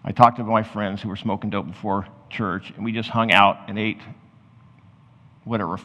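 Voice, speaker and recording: A man's voice: lowish voice, fairly even intonation, moderate pace, bright, forceful tone. Man preaching in an echoing hall. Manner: reads scripture aloud, then explains in loose, conversational asides. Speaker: pastor. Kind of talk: sermon. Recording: muffled sound with long hall reverb.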